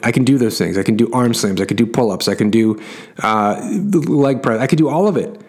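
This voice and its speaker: A man's voice: mid-range voice, a little fast, a little mellow. A middle-aged man coaching his clients through a casual story, emphatic and repeating words for effect.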